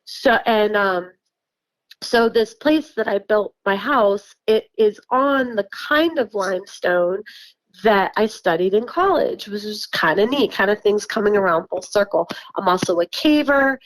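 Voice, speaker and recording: A woman's voice: mid-range voice, expressive, unhurried, no echo, low-quality recording. A woman from New York casually telling her story in a chatty way, with frequent laughs, fillers and restarts. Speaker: guest recounting encounters.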